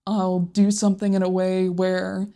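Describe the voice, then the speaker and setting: A woman's voice: fairly low pitch, completely flat delivery, a little slow, warm tone. A woman co-hosting a casual podcast, talking thoughtfully about a game, often laughing and openly getting emotional. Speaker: podcast co-host.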